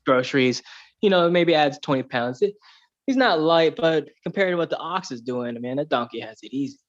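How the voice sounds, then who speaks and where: A man's voice: fairly high pitch, animated, moderate pace, muffled recording. Chatty man telling a fable. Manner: loose, chatty, lots of "like" and "you know". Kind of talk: casual chat, storytelling.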